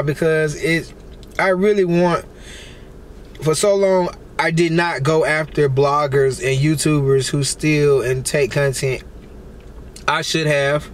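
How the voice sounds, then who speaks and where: A man with a notably high-pitched voice, talking loosely and excitedly through a meal and a rant. He calls out and exclaims between bites in a chatty vlog manner. Faint noise hums underneath. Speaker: celebrity blogger and vlogger. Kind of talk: casual rant while eating on camera.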